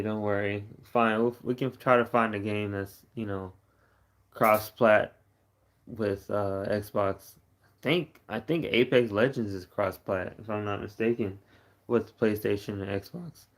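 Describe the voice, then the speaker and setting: A man's voice: lowish voice, fairly even intonation, a little slow. A tired young man from Texas chatting casually on a late-night live stream, rambling and repeating himself.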